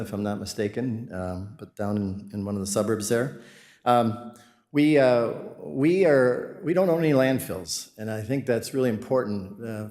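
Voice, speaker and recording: A man presents his company's services to a city meeting in a friendly, rambling way, tripping over fillers and restarting his sentences. His voice sits somewhat low, and the council chamber gives it a clear echo. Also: darkish tone. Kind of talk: public presentation to residents. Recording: echoey meeting room.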